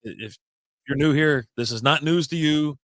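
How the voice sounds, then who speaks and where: A man's voice: fairly high pitch, normal speed, a bit bright, dry recording. A man hosting a casual beer-chat podcast, telling rambling stories that jump from topic to topic and cursing casually. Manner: rambling, jumps between stories, swears casually. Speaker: podcast host.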